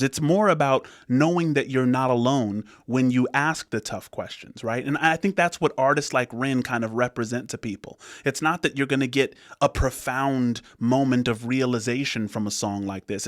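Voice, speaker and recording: A man's voice: medium pitch, dry recording, studio quality. A man hosting a music reaction channel, chatting casually to his viewers and often checking in with them. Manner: conversational, often checks in with "right?".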